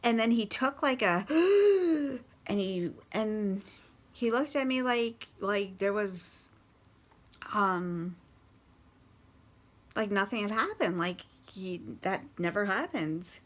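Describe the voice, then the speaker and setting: Blunt, halting woman telling her story. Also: medium pitch, expressive, fairly bright tone. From Canada. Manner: halting, many restarts and fillers, blunt swearing. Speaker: partner of a recovering alcoholic. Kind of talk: casual personal storytelling.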